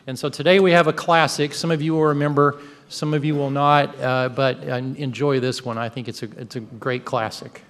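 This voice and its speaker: Brief: male club president, upbeat announcements, mid pitch, long hall reverb. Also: fairly even intonation, normal speed, a bit bright. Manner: upbeat, joking. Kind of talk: meeting announcements.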